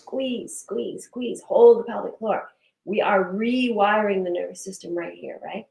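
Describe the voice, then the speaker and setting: A woman guides a breathwork session at an unhurried pace, her cues soothing and drawn out. Her voice carries the ring of an echoey room. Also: medium pitch, vocal fry, darkish tone. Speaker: breathwork and wellness instructor.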